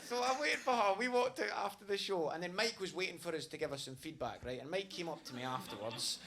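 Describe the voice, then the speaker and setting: A man's voice: sits high, quick pace, fairly bright tone. A man performing a stand-up comedy set on stage with a handheld mic, telling a story with frequent "right?" asides. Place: comedy stage in front of an audience. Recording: live comedy club with audience laughter.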